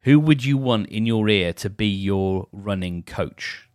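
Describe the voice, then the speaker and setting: A man's voice: fairly low pitch, measured pace, a little mellow, clean tone, dry recording. Rambling man, dry close sound. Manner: meandering, self-deprecating, many restarts. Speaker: podcast host. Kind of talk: rambling solo podcast chat.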